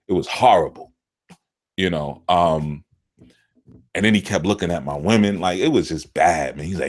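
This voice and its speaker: A middle-aged man with a fairly low voice teaches through rambling, casual stories. He acts out the people he quotes, jumping far up in pitch. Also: a little fast. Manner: animated, jumps into quoted voices with big pitch swings. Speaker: spiritual teacher. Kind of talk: casual storytelling talk.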